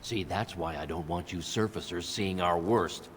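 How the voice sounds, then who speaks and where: Gruff dwarf guard captain, very low voice, long hall reverb, blunt, played by a man. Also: moderate pace, a little hiss or hum, close to an everyday voice. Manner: blunt, weary, plain-spoken.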